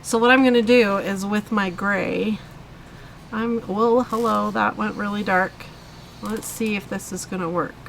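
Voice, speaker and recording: A woman's voice: mid-range voice, fairly even intonation, unhurried, vocal fry, a little hiss or hum, poor audio. A woman hosting a live coloring tutorial, chatting casually as she demonstrates step by step. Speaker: host of a live coloring stream.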